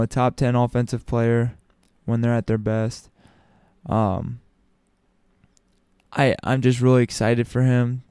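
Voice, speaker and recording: A man's voice: medium pitch, dark tone, smooth, dry recording, studio quality. A man talking casually to his audience as a commentator, opinionated, with frequent ums and restarts. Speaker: sports commentator. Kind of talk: casual basketball talk.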